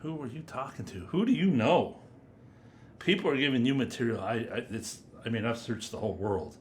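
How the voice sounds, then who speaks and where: A man giving a casual, rambling first-impressions review of perfumes, chatty and drifting into quiet mutters as he sniffs. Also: mid-range voice, expressive, fast, slight background noise. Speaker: fragrance reviewer.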